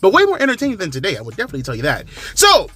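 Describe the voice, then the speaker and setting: A man's voice: high-pitched, huge pitch swings, rapid-fire, bright, forceful tone. A man in his thirties giving a profane, ranting review of a wrestling show from his living room. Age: 30s. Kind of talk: ranting casual commentary.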